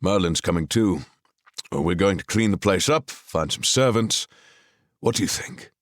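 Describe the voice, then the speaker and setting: A man voicing a cheerful, hearty king in an audiobook, upbeat and bright in manner. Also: sits low, expressive, measured pace, dry recording, studio quality, voice pushed up.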